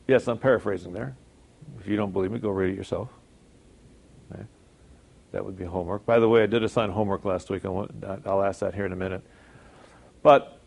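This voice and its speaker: A man's voice: deep voice, fairly even intonation, brisk, gravelly, pauses often, darkish tone. A man preaching a sermon in a conversational way, firing off rhetorical questions and correcting himself as he goes.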